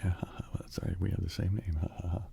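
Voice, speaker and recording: A man's voice: low-pitched, little pitch movement, fast, gravelly, mellow, slight background noise. A man voicing a friendly, chatty fellow with offhand, laughing small talk, as whispered role-play. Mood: breezy.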